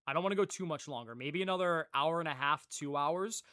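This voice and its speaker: A young man livestreaming, chatting casually with viewers in a rambling, animated way, swearing freely and laughing often. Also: a little high, a little fast. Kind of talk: casual chat with live viewers.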